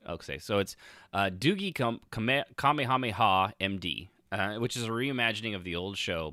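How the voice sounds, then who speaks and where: A man in his thirties, low-pitched but bright in tone, hosting a podcast in a loose, sarcastic ramble. His pitch swings widely as he restarts sentences and piles on fillers. The sound is close and dry. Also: no echo. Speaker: podcast host. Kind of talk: casual commentary.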